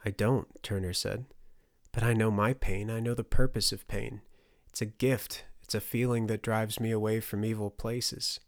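An earnest, weary young hero from a fantasy audiobook, as a male narrator plays him, low and steady. The tone is gravelly and dry, close to the narrator's own. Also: moderate pace, no echo, lightly acted. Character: weary, earnest young man, former slave.

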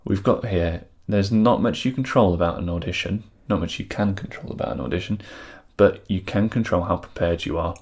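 A man with a very low, deep voice, chatting in a relaxed and upbeat way as a podcast co-host. He talks casually about auditions and laughs easily. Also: brisk, hardly any pauses. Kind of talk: casual chat.

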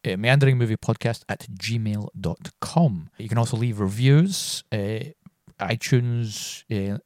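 A man's voice: on the low side, a little slow, a little mellow, no room sound. Scottish guy rambling on a movie podcast, laughs a lot, dry close mic. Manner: rambling, laughs often, says "wee". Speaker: podcast co-host. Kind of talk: casual chat.

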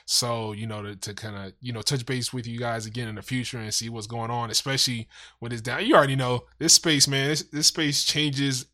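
A man's voice: medium pitch, steady tone, fairly quick, bright, forceful tone. A man hosting a casual podcast interview, laid-back and easygoing, leaning on "you know" and "man". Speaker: podcast host.

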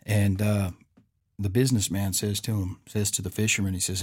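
A podcast host tells a parable in a casual, folksy style, acting out both people's lines and repeating "he goes." His voice is fairly low, darkish, and slightly rough at a normal speed, in clean studio quality with no room sound.

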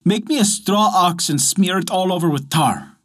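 A man voicing a poor, excitable old peasant woman in a folk tale, with shrill, excited cries. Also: moderate pace. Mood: urging.

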